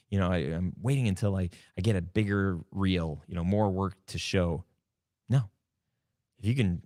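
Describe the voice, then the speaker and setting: Low voiced guy doing a solo podcast, dry close sound, tells stories and acts out old convos. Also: no room sound. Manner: animated storytelling, acts out his own past dialogue. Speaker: podcast host. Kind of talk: casual solo podcast talk.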